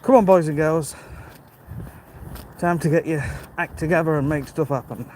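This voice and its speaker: A man in his fifties with a notably high speaking voice talks casually while he walks, a little out of breath and picked up by a phone mic. Steady outdoor noise runs behind him, and he greets viewers by name as he answers their comments. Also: moderate pace, poor audio. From United Kingdom. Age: 50s. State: out of breath from walking uphill. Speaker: livestream host. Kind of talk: casual live-stream chat while walking. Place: outdoors on a rural walk. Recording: outdoor ambience with audible wind and noise.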